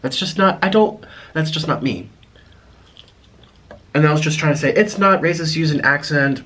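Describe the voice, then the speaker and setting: A man vlogging to camera, talking in a reflective, apologetic way with many restarts, pausing to eat. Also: on the high side, fairly bright tone. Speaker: mukbang vlogger. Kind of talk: casual confessional talk to camera.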